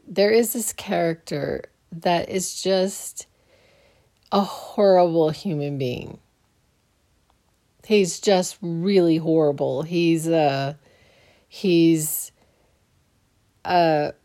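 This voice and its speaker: Slow, mellow-voiced sleepy woman podcaster. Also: on the low side. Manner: rambling, many restarts and fillers, yawning early in the morning. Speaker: podcast host. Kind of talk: casual solo podcast chat.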